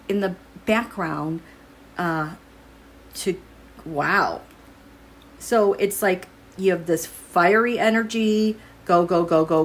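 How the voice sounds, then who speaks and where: In a medium-pitched voice, a woman offers viewers a casual tarot and astrology reading, musing as she flips each card. There's a little hiss or hum behind her.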